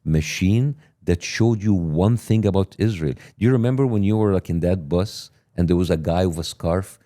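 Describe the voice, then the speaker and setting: Man, middle-aged, native Arabic speaker, podcast guest, deliberate indignant argument, very deep voice, mellow tone. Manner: deliberate, indignant, building lists of grievances. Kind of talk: pointed interview argument.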